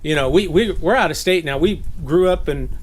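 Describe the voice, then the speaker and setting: Man preaching informally, slightly high voice, chatty, laughs a lot, from southern california. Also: normal speed. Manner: chatty, laughs often, slips into playful voices. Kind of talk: casual sermon teaching. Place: gathering.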